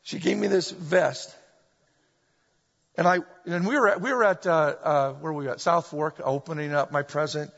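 A middle-aged man preaching a sermon, animated and full of humorous storytelling, recorded in a church hall. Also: on the high side, brisk, hardly any pauses. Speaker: pastor. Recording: dull echoey hall recording.

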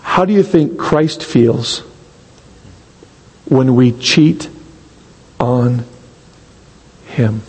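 A man's voice: medium pitch, drawn-out words, pauses often, a little mellow, husky, in a large hall, low-quality recording. A man preaching a sermon in a church, asking the congregation rhetorical questions and acting out little quotes. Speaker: pastor.

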